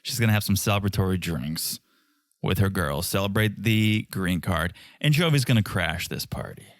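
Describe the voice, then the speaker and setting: Male podcast co-host, lively pitch, sarcastic recap chatter, dry close mic. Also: normal speed, dry recording. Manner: animated, sarcastic, mimics people with big pitch jumps. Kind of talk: casual recap chat.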